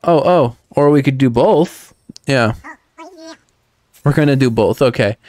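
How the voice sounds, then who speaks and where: A man commenting excitedly on a cozy video game, talking sweetly to the characters. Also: mid-range voice, unhurried, no room sound. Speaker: gaming channel host. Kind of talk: let's play commentary.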